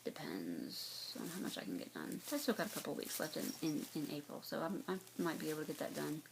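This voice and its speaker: A woman's voice: low voice, very animated, fairly quick, creaky, background noise. A woman from North Carolina with a light Southern accent, chatting casually to her viewers with lots of fillers and restarts. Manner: rambling, many fillers and restarts. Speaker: cross-stitch vlogger. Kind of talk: casual chat to camera.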